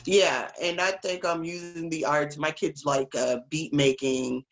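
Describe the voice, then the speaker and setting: A woman hosting a casual interview, playful and quick to laugh, sharing stories about her own kids. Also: low-pitched, steady tone, dull audio. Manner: playful, giggly, teasing. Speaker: host.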